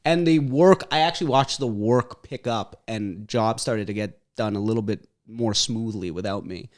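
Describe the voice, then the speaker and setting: A man's voice: on the low side, moderate pace. A young adult man, a comedian guest, telling rambling stories in casual comedic chat and trailing off with laughs.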